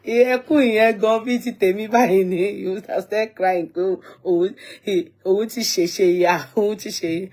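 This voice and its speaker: A woman's voice: mid-range voice, fairly even intonation, moderate pace, a little mellow. A young Nigerian woman with a Nigerian accent telling casual stories in a vlog, often laughing and mixing English with Yoruba. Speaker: vlogger. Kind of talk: casual storytelling.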